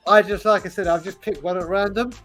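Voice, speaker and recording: A man's voice: high-pitched, fairly even intonation, quick pace, fairly bright tone, soft background music. A man co-hosting a casual chat, cheerful and self-mocking. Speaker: co-host.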